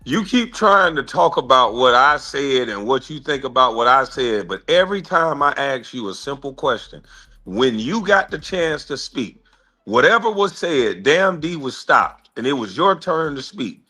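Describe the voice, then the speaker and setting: A man hosting an online panel presses his guest with the same pointed questions again and again. His tone is bright and sharp, and he builds each point with insistence. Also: mid-range voice, sing-song, unhurried. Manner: pressing, interrogating. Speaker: panel host. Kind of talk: heated argument.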